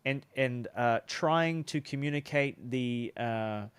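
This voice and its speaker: A man's voice: medium pitch, slow pace, clean tone, no echo. A young man teaching sales in a loose, chatty way, often restarting his sentences. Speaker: sales coach. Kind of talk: casual teaching talk.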